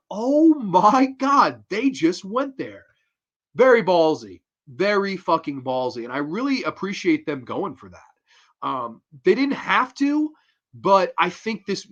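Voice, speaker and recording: A man in his twenties reviewing a horror film in a casual, excitable way, swearing freely. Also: high voice, dull audio.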